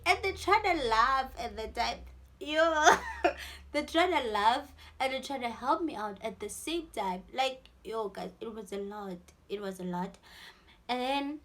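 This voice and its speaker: A young South African woman with a South African accent, telling a storytime vlog in an animated way and acting out the people in her story. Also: a little high, a little hiss or hum. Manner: animated storytelling, switching into Sesotho-style phrases and acting out voices. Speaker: vlogger.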